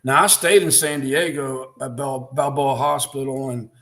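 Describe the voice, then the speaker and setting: A man in a casual chat, relaxed and swearing casually as he remembers things. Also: medium pitch, a little slow. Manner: laid-back, swears casually.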